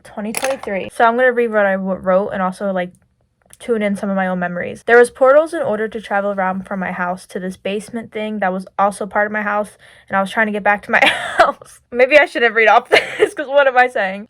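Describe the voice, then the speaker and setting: A woman's voice: mid-range voice, no echo, studio quality. A young woman vlogger telling stories in a chatty, giggly way, with lots of "like", while doing her makeup at home. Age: young adult. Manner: chatty, giggly, filler-heavy "like". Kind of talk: casual storytelling chat.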